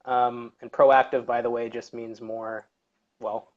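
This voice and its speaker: A man's voice: mid-range voice, little pitch movement, takes it slowly, a little mellow, muffled recording. Man reading viewer questions on a livestream. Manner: reads viewer questions aloud, then answers at length. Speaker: English teacher, co-host. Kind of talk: live-streamed Q&A chat.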